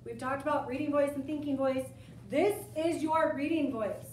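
A young woman teacher giving a lesson to her class, chatty and animated, joking with the students. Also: high voice, normal speed, slight background noise. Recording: echoey room, camera from far off.

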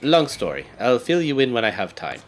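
A bold outlaw hero speaks calmly and commandingly, cool even when threatening, as a man reads his lines. The voice is middle-pitched with a lively up-and-down delivery. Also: a little fast, faint music behind. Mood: confident. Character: bold heroic male outlaw, calm and confident.

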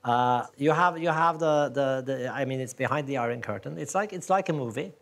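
Male talk show host, studio interview, halting questions, repeats words, mid pitch. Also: vocal fry, a bit bright. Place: television studio.

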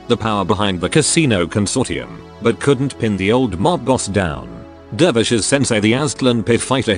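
A synthetic male text-to-speech narrator reads a tabletop game story in an even, scripted manner. His pitch is on the low side but moves up and down a great deal. Faint music plays behind him.

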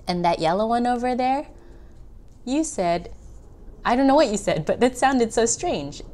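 A woman tutor giving a children's geography lesson, patiently correcting pronunciation slowly and clearly. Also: mid-range voice, darkish tone.

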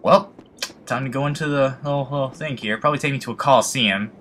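A young man talks through a video game he is playing, rambling, emotional and quick to curse. His voice is bright and forceful at a middling pitch. A faint hiss sits under the recording. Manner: emotional, swearing, self-mocking rambling. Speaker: let's play gamer. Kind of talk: casual gameplay commentary.

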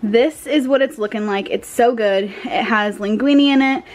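A woman's voice: on the high side, normal speed, soft background music. A woman in her twenties chatting casually in a day-in-my-life vlog, rambling with lots of "like" fillers and sounding a little out of breath, filmed in her kitchen at home. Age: 20s. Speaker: vlogger.

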